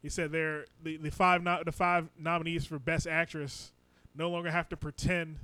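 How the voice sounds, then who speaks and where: A man hosting a casual comedy podcast in a studio, animated and quick to laugh, with crude jokes. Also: a little high, smooth, dry recording. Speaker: podcast host.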